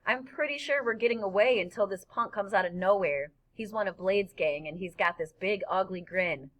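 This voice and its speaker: A woman narrating a novel in first person, in a lively storytelling manner. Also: medium pitch, moderate pace, low-quality recording. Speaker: audiobook narrator. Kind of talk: scripted narration.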